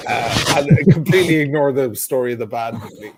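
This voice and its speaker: A man telling a wild story in casual chat, swearing freely and animated. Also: medium pitch, fast, noisy background. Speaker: guest storyteller.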